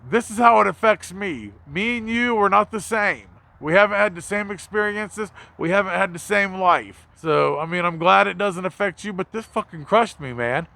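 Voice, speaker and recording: A man's voice: high-pitched, creaky, sharp tone, no echo. A man in his thirties from the United States, talking to camera in a raw, emotional and profane vlog, near tears. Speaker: vlogger.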